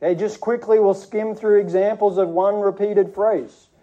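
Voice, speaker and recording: A man preaching a sermon to his church, speaking in an earnest, measured teaching manner with frequent restarts. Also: high voice, fairly even intonation, warm tone, muffled recording.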